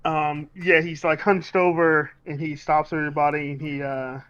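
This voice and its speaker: Guy at a tabletop game, rambly, lots of ums, fairly high, lo-fi mic. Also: level tone, normal speed, few pauses, a bit bright, clean tone. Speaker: player.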